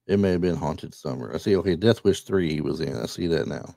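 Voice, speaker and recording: A man hosting a podcast in casual chat, easygoing and hesitant, with many pauses. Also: a bass voice, creaky, dark tone, no echo. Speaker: podcast host.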